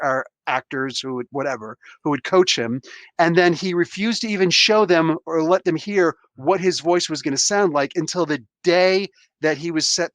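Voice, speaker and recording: A podcast host talking in a casual chat, a man whose voice sits a little high for a man. He gets worked up and rambles, with many restarts. The recording is close and dry, with no room sound. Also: fairly bright tone, dry recording.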